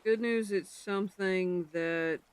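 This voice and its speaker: A livestreamer chatting casually with the stream chat, rambling and breaking into sudden loud exclamations. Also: medium pitch, slow, clean tone.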